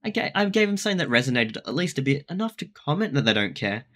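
A man's voice: medium pitch, big pitch swings, fast talker, a bit bright. An Australian man vlogging casually in a rambling, self-deprecating way, often restarting his sentences. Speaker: YouTuber. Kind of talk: casual vlog commentary.

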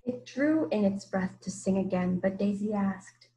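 A woman from Massachusetts, a teacher, reading a children's book aloud in a measured storytelling way. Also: medium pitch, dark tone, poor audio. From Massachusetts, USA. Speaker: teacher, guest reader.

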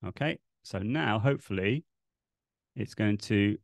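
A man presenting a live online teaching webinar, relaxed and explanatory as he demonstrates on screen, speaking into a desk mic on a video call. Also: on the low side, a little slow, vocal fry, dry recording, clean studio sound.

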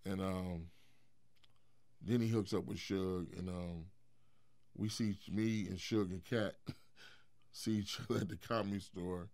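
A middle-aged man, a guest in an interview, telling a story in a lively, profane way. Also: deep voice, unhurried, long pauses, dry recording. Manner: animated, profane storyteller who swings into loud acted quotes.

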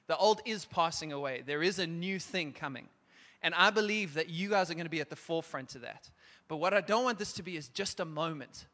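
A man preaching a sermon and leading an altar call, urgent and exhorting, at times dropping to a hushed, prayerful tone. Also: on the high side, brisk. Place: church hall. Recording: long church hall reverb.

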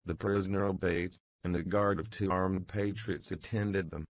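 A man reading a classic novel aloud as an audiobook narrator, in a measured, even manner. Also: low voice, no echo.

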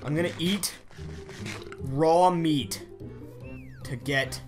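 A young man giving casual, excitable commentary while playing a video game, often breaking into mock-angry yelling. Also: on the high side, very slow, soft background music. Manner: excitable, yells and mock-rages at game animals. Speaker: gaming YouTuber.

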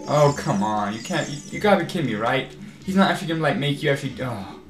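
This male let's play host has an expressive mid-range voice and talks fast. He rambles casually over his video game playthrough, gets exasperated readily, and leans on the word "freaking," with faint game music echoing in the room.

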